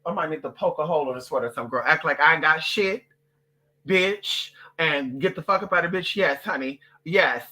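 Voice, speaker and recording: Loud and profane, an adult vlogger who is the parent of a toddler rants to camera, swearing constantly and putting on mocking voices to imitate others. The voice is mid-range and brisk.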